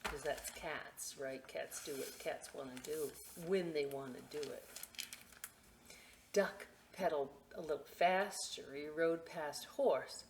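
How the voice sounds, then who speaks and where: A woman reading picture books aloud at a library storytime, expressive and adding friendly asides for children. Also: deep voice, slight background noise. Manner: slow, expressive, chatty asides to kids.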